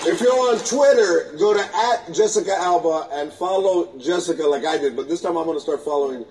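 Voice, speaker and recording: A man's voice: on the high side, a little fast. A man hosting a comedy show, joking and teasing his guest. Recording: far-off clip with loud crowd and noise.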